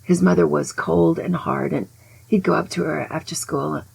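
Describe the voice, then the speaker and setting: An older woman tells stories in a casual, chatty flow, often restarting her sentences and adding asides. Her voice sits low and is full of gravelly fry. It is husky and dark, with a mellow, breathy tone. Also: fairly even intonation, normal speed, low-quality recording. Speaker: host. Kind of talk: casual storytelling.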